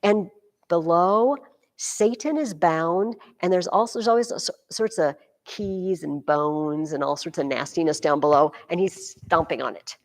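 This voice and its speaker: Lively woman teacher in a reverberant classroom. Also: fairly low pitch, a little slow. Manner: lively, acts out quotes dramatically. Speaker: high school teacher. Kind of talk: classroom lecture.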